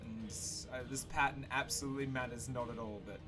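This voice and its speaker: A man hosting a game playthrough, reading the story aloud and chatting casually, playful and excitable. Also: mid-range voice, a little fast, over music. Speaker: let's play host and reader.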